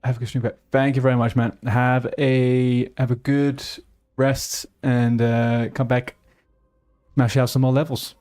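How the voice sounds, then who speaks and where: A man's voice: mid-range voice, flat delivery, a little slow, darkish tone, clear, resonant tone. A young British man with a British accent, chatting casually with his live chat while playing a game, playful and easily sidetracked. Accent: British English. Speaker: streamer.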